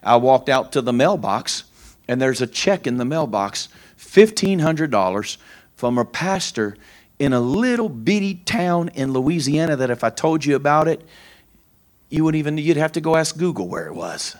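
Middle-aged preacher guy, kinda high voice, folksy rambling sermon stories. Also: expressive, moderate pace. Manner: folksy storytelling, repeats phrases; informal grammar. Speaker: pastor.

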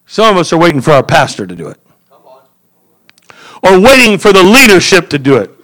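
A man delivering a sermon in a high, lively voice. His tone is bright and forceful, and he leaps between shouted appeals and hushed asides. He stumbles and repeats words as he presses his point. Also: brisk, poor audio. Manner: fervent, repetitive, swings from shouting to quiet. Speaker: preacher.

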